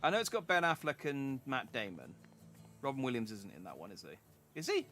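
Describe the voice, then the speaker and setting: A bright, ringing man's voice that swings widely up and down as he streams a game. He jokes and reads lines aloud with animated, mock-indignant flair, and music plays faintly under him. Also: medium pitch, fairly quick. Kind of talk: casual gameplay commentary, reading dialogue aloud.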